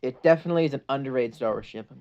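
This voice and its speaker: A vlogger breaking down a movie trailer in casual, excited fan talk, with lots of "like" fillers. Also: mid-range voice, very fast. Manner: excited, chatty, with frequent "like" fillers. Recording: dull lo-fi audio.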